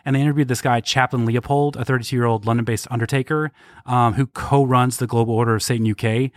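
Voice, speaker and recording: A man co-hosting a podcast, talking quickly with wry, joking commentary. The recording is dry and close. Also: medium pitch, steady tone, no echo. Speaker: podcast co-host. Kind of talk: casual chat.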